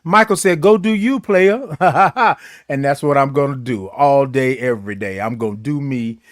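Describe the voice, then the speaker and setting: A man's voice: mid-range voice, moderate pace, no room sound, clean studio sound. A man hosting a morning livestream, chatting casually with viewers in a playful, flamboyant way and stretching out his greetings. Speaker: host of a morning livestream show. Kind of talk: casual livestream chat reading viewer comments.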